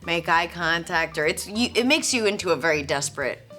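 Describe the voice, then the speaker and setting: Woman in her forties, bright clear voice, rambling and self-mocking about herself. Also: lowish voice, lively intonation, brisk, soft background music. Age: 40s. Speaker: guest. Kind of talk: casual chat.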